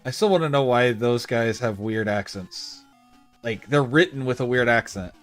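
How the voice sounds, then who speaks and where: A man's voice: medium pitch, moderate pace, fairly bright tone, soft background music. A young man chatting casually on a livestream as he plays a retro game, reading bits of the game text aloud. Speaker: streamer playing a retro game.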